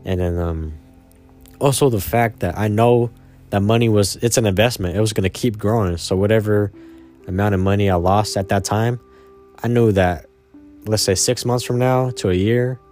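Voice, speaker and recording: A young man telling a personal story in a rambling, casual way, repeating himself, swearing and often trailing off quietly. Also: on the low side, steady tone, moderate pace, soft background music.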